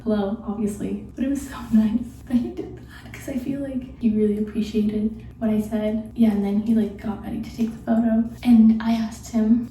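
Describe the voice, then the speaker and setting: Hushed, giggly young woman in an echoey room. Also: fairly high pitch. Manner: hushed, half-whispered, giggly and gushing. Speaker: vlogger. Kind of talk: late-night storytime. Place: room at night before bed. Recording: very echoey room, mic far off.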